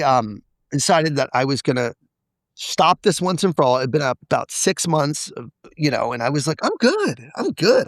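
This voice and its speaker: A man's voice: on the high side, no room sound. A man as a podcast guest, candidly telling a personal story and acting out the quoted dialogue. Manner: confessional, acts out quoted dialogue.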